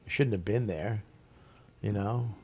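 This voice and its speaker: A comedian in his forties telling a story in casual conversation, profane and animated, laughing as he goes. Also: on the low side, measured pace, breathy edge. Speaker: guest comedian.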